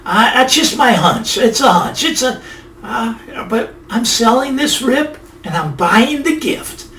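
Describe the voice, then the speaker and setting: A man's voice: very high-pitched, animated, unhurried, pushed and bright, reverberant, far from the mic, slight background noise. A man hosting a finance video, giving casual, emphatic market commentary that rambles and repeats itself.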